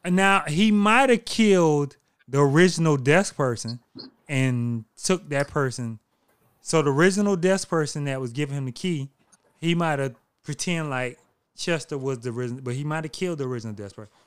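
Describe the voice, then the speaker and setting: A man's voice: fairly high pitch, moderate pace, smooth, dry recording, clean studio sound. A man hosting a podcast, chatting casually and laughing easily as he tells stories. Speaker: podcast host. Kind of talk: casual chat.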